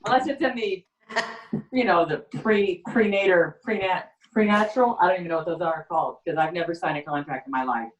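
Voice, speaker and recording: Deadpan woman comic in an echoey room. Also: lowish voice. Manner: rambling, halting deadpan delivery. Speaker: stand-up comedian. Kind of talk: stand-up comedy set. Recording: echoey room, far from the mic.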